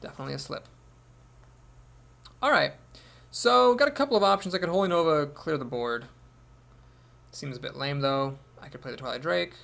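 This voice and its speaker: Gravelly man casually commenting on his game. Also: fairly high pitch, animated, moderate pace, long pauses, sharp tone. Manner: thinking aloud, wry asides. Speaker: gameplay commentator.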